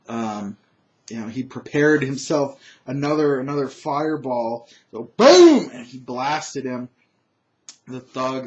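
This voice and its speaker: Rambling male game recapper, dull lo-fi audio. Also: medium pitch. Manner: rambling, full of fillers and restarts, chuckling. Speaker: storyteller recapping a tabletop game. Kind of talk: casual game recap narration. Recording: dull lo-fi recording.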